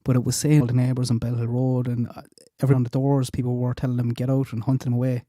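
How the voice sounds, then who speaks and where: A male host chats casually with his panel and passes along viewer comments. His voice is very dark and mellow, recorded with a completely dry sound. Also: mid-range voice, level tone, quick pace, no room sound. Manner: chatty, reads viewer comments. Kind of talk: casual chat.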